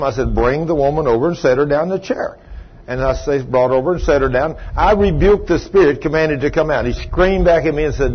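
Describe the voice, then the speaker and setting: A man's voice: mid-range voice, slightly rough. A middle-aged man preaching a sermon as a story, folksy in tone and rising to emphatic outbursts. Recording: dull lo-fi recording.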